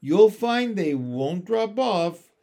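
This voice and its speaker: A man voicing a tiny, ancient shopkeeper woman with a high, shrill little voice, bossy to her daughters and sly with guests. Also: animated, takes it slowly, gravelly, mellow, heavily acted. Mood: brisk. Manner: switches between scolding and sugary coaxing.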